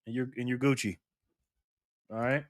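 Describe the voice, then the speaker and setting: A man's voice: mid-range voice, fairly even intonation, moderate pace, no room sound, studio quality. A man hosting a casual live stream, reading viewer comments aloud in a playful, teasing way and laughing often.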